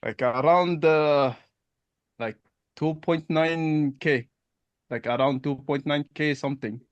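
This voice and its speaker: A man's voice: a little high, slow, dry recording, lo-fi sound. A man playing a blunt, no-nonsense accountant. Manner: blunt, repetitive, broken phrasing. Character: blunt, direct male accountant prospect. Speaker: roleplay partner.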